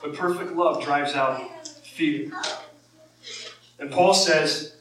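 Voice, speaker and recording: A man's voice: fairly high pitch, takes it slowly, fairly bright tone, slight background noise. A man, a pastor, preaching a sermon in a conversational way that rises when he quotes scripture. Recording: echoey room from far off.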